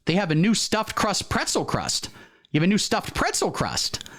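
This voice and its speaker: A sleazy, laid-back financier, read aloud by a man, talks in easygoing bro slang. The voice sits somewhat high with lively swings. It's a parody comedy bit. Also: normal speed, full character voice.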